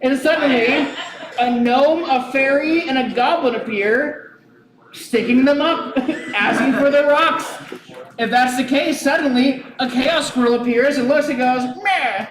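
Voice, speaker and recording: A man's voice: extremely high pitch, unhurried. A man narrating as game master at a live tabletop show in a brewery, joking and laughing as he goes. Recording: roomy live venue with crowd. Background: crowd.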